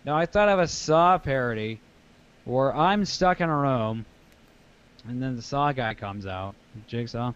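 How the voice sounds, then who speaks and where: A man's voice: medium pitch, expressive, unhurried, a bit bright, clean tone, dull audio. A man co-hosting a casual podcast, ranting in a rowdy, profane way about films and comedy. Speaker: podcast co-host, stand-up comedian.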